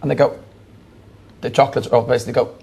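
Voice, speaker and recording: Low, gravelly woman joking. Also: steady tone, racing, mellow, slight background noise. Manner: joking, chatty, acts out quotes. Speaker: reality show contestant. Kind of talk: casual chat. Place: indoors in a reality show house.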